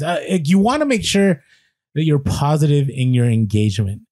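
A man co-hosting a podcast, telling an animated story with quoted voices and many restarts. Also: on the high side, moderate pace, no room sound. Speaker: podcast co-host.

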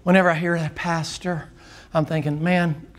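Male pastor, high tenor, folksy joking sermon delivery. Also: normal speed. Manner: folksy, joking, swings between loud and low.

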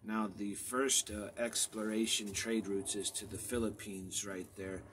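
A man with a lowish voice rambles through old maps in an unscripted way, stopping and restarting his thoughts. His sentences often fade into quiet mumbles. A faint hiss sits under the recording. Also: level tone, measured pace. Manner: meandering, many fillers and restarts, trails off quietly. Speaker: vlogger. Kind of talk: rambling off-the-cuff commentary over old maps.

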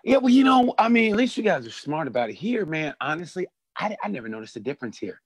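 A man's voice: a little high, big pitch swings, fast, breathy edge, no room sound. A man who is a comedian, chatting casually and animatedly, repeating words often, on a video call. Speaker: comedian guest. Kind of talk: casual chat.

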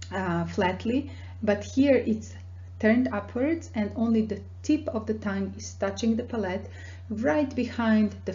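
Slow, mellow-voiced woman teaching pronunciation. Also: medium pitch, dull audio. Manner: patient, explains mouth positions and demonstrates sounds slowly. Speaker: language teacher. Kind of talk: language lesson.

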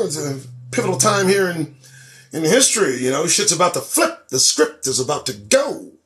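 A man hosts his own show with a high, animated voice that leaps around in pitch. He talks in a preachy, profane political monologue, swinging from loud emphasis to low, muttered asides. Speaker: host.

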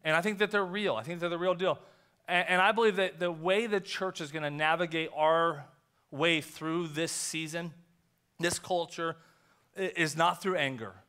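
Guy pastor preaching in church, chatty storytelling, kinda high bright voice. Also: fairly even intonation, clean tone. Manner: conversational, storytelling with quick acted asides. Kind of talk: sermon. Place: church sanctuary.

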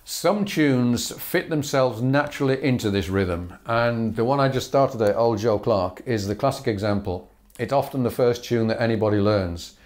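A man in a mid-range voice gives a fiddle lesson at a moderate pace with hardly any pauses. He explains patterns in a relaxed, chatty way, chuckling, using fillers, and counting bows aloud.

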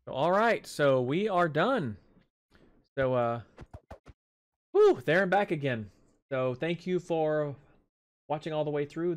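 A man casually commenting as he plays a video game, chatting to himself and to the animals on screen, with a sore jaw from dental work. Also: a little high. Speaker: gaming channel host. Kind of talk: casual let's play commentary.

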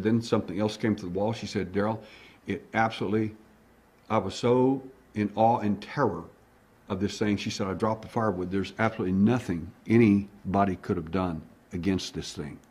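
Husky-voiced male investigator recounting a case with lively, acted-out dialogue. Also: fairly low pitch, brisk. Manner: animated, acts out dialogue. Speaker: alien abduction investigator. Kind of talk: storytelling monologue.

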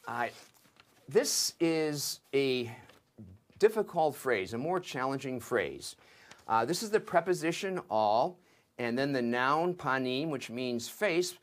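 Slow, methodical older male Bible teacher. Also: medium pitch, very animated, fairly bright tone. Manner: slow, measured and methodical, explaining word by word. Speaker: seminary professor. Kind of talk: scripture lesson, working through Hebrew text.

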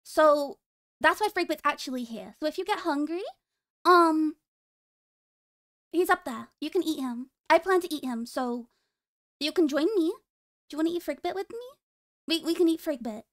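A woman's voice: sits high, lively intonation, normal speed, long pauses, a bit bright. A woman streaming casually, teasing and joking with her chat and laughing often.

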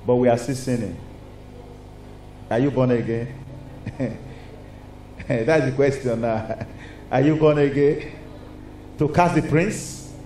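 A man with a Nigerian accent preaching a lively sermon in a church, asking the congregation rhetorical questions. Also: mid-range voice, slow, pauses often. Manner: animated, call-and-response preaching with rhetorical questions. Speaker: pastor. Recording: echoey hall with faint noise.

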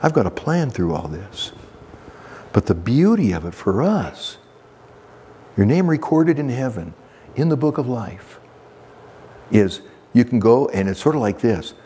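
A male pastor preaching a verse-by-verse sermon in a church, emphatic and repetitive, swinging between soft and animated delivery. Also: medium pitch, measured pace, long pauses, slight background noise.

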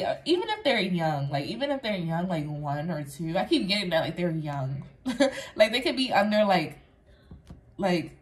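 A woman's voice: medium pitch, slight background noise. Chatty woman giving a tarot reading. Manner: rambling, chatty, fills speech with "like"; earnest, affirming, addresses viewer directly. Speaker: tarot reader. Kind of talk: casual pick-a-card tarot reading to viewers.

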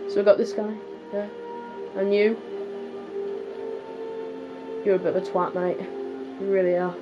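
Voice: mid-range voice, steady tone, a little slow, long pauses, music in the background. A young adult with a British accent, hosting casual let's-play commentary, rambling and joking at the characters on screen. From Britain. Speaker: gaming video host. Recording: slightly dull mic with faint hiss.

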